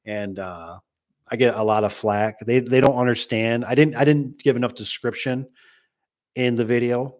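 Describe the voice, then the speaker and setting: A man's voice: medium pitch, steady tone, normal speed, a little mellow. A middle-aged man who runs a garage door business, telling a rambling, joking story to a live chat, full of restarts and asides.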